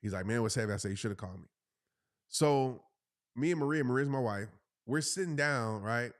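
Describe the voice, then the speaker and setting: A man's voice: medium pitch, a little fast. A man, casually telling a funny story and acting out the voices of the people in it. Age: 30s. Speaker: motivational speaker telling a story.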